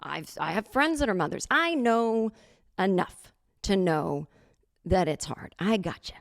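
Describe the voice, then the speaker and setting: A woman hosting a podcast, telling a comic story in a sarcastic, animated way and acting out other people's lines. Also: medium pitch, unhurried, vocal fry. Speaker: podcast host. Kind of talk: comedic storytelling monologue.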